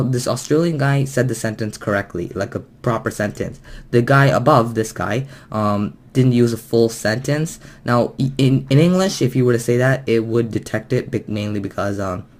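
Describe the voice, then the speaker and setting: Male vlogger, casual commentary to camera, halting and rambling delivery with frequent fillers and restarts. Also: medium pitch. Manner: hesitant and rambling, full of ums and restarts.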